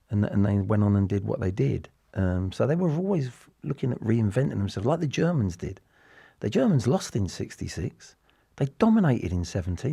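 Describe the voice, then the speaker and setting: English man, sixties, dark mellow voice, dry close sound, rambling interview chat. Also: lowish voice, creaky, slightly rough, no echo. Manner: rambling, with frequent restarts and repeated words. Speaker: interview guest, former footballer. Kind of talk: casual reflective interview talk.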